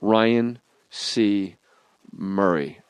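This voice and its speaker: A middle-aged man hosting a comedy podcast, telling stories quickly and with lots of swearing. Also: lowish voice, clear, resonant tone, no room sound. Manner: rapid, profane storytelling. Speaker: podcast host. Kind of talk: casual comedy chat.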